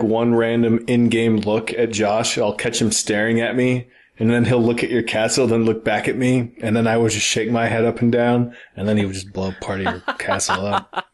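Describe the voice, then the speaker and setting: A young man co-hosting a casual gaming podcast, joking around and laughing often. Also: mid-range voice. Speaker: podcast co-host.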